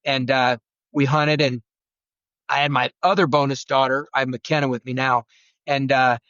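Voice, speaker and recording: A man who is a guest turkey-hunting expert, telling rambling, animated stories and acting out quotes. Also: mid-range voice, moderate pace, no room sound, lo-fi sound. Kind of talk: storytelling conversation.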